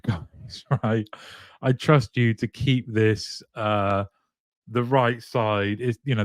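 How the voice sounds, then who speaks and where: A man's voice: fairly low pitch, dry recording, clean studio sound. A man hosting a live stream, chatting casually and greeting viewers one by one by name, with plenty of ums. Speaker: live show host.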